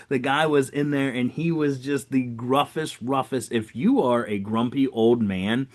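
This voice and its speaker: A man, a car salesman co-hosting a podcast, telling stories in a wild, energetic way and acting out what people said with big jumps in pitch. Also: unhurried, few pauses. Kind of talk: casual podcast conversation.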